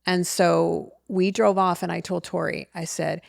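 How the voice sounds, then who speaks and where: A woman's voice: on the low side, steady tone, normal speed, vocal fry, few pauses, no room sound, studio quality. A middle-aged woman and mother, talking in an earnest, reflective way on a casual podcast. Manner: earnest, reflective, faith-centered. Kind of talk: casual heartfelt conversation.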